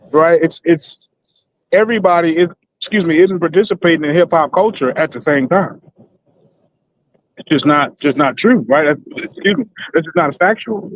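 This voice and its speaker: A man's voice: on the high side, moderate pace, slight background noise, rough recording. Man hiccuping through a panel debate. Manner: keeps saying excuse me through hiccups.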